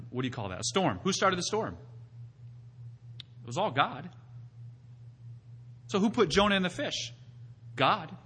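Preaching man with a bright, husky voice. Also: on the high side. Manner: builds to loud emphatic peaks, then drops to quiet teaching; asks the congregation rhetorical questions. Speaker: pastor. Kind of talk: sermon.

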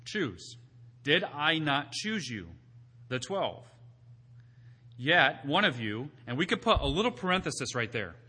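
Male preacher, bright, tense tone, emphatic, asks rhetorical questions. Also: a little high, very animated, moderate pace, husky. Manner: builds to loud emphatic peaks, then drops to quiet teaching. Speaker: pastor. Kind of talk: sermon.

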